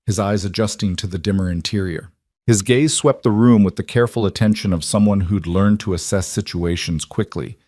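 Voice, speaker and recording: A man narrating a western romance story in a steady, scripted storytelling delivery. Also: sits low, dry recording, clean studio sound.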